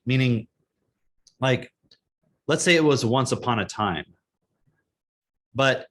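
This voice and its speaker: A man co-hosting a podcast in casual chat, animated and blunt, laughing often and swearing now and then. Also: mid-range voice, a little slow, long pauses. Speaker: podcast co-host.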